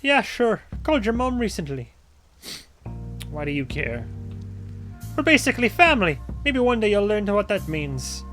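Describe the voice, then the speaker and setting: A man voicing a gruff, nosy older Irish cop, loud and overly familiar with a put-on Irish accent. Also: high-pitched, big pitch swings, moderate pace, long pauses, soft background music, voice pushed up. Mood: blustery.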